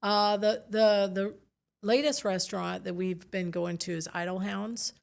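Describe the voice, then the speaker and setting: Female guest, gravelly, conversational and enthusiastic, casual podcast chat. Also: mid-range voice, steady tone, unhurried. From United States. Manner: chatty, enthusiastic recommender. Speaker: realtor guest.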